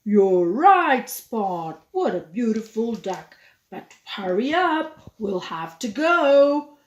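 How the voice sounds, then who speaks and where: A woman voicing a patient father dog who gently guides his pup, speaking calmly in a lower voice. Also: takes it slowly, echoey room. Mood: gentle. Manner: calm, gently guiding. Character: patient, kindly puppy father.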